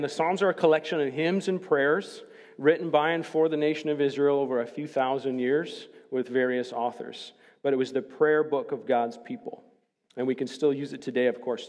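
A man preaching as a pastor, joking casually with the congregation before slowing down to read scripture solemnly. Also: medium pitch, a little mellow, long reverb tail. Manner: chatty and joking, then slow solemn scripture reading. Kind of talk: sermon. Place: church sanctuary.

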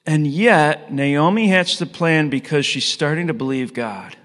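Here the pastor, a middle-aged man, talks at a measured pace with a fairly bright, higher-pitched voice. He shares a story casually and asks his listeners questions during the sermon, with long hall echo around him in a church hall with an audience.

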